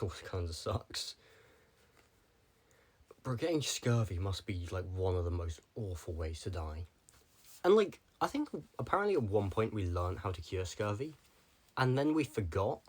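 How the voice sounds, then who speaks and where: Young guy with a really low voice just rambling, lots of "like", jumping topic to topic. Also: very animated, normal speed. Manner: rambling, jumps between tangents, lots of "like". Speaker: vlogger. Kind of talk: casual rambling monologue.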